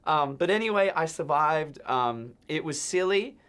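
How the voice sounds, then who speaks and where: A man in a casual chat, telling an anecdote with lively acted-out quotes and frequent stumbles, from Australia with an Australian accent. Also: fairly high pitch, measured pace, clear, resonant tone. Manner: animated storytelling, acts out quoted voices, stumbles and repeats words. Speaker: band member guest programmer.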